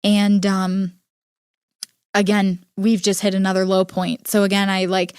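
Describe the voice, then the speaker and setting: A young adult woman hosting a podcast, telling a personal story in an earnest, halting way with many filler words. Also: mid-range voice, completely flat delivery, a little mellow, clean tone, no echo, studio quality. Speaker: podcast host. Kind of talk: personal storytelling, casual monologue.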